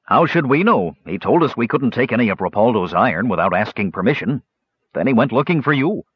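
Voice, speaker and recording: A man's voice: medium pitch, big pitch swings, fairly quick, slightly rough, dry recording, dull audio. A man voicing a peevish, complaining little gnome.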